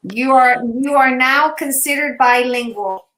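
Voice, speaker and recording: Playful woman host joking around on a live craft stream, kinda high voice, roomy echo. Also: measured pace, fairly bright tone, slight background noise. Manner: playful, laughs often, teasing. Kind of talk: casual live craft chat.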